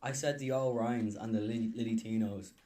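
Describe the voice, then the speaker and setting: A man delivers a blunt, angry rant in a video clip. His voice is low and mellow, and he swears freely. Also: steady tone, brisk.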